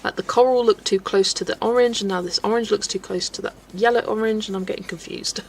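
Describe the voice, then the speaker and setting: Chatty English woman with a gravelly edge. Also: mid-range voice, steady tone, quick pace, slight background noise. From England. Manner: chatty, giggly, storytelling. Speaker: colouring livestream host. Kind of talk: casual chat while colouring, reading chat.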